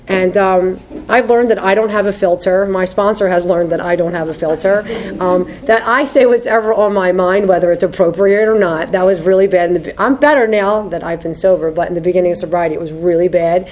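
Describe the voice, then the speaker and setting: Woman, thirties, recovery meeting share, candid, conversational, slightly low voice. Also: brisk, a little mellow, slight background noise. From United States. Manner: candid, conversational, uses "dude" and "you know what I mean". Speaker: AA speaker sharing her story.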